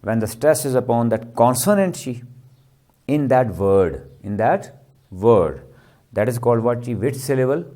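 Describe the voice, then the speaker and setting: A man giving a classroom lecture, often asking his students "clear?" and answering his own questions. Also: mid-range voice, lively intonation, unhurried, mellow. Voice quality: repetitive, question-and-answer teaching style. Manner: checks understanding with frequent "clear?" and "ji".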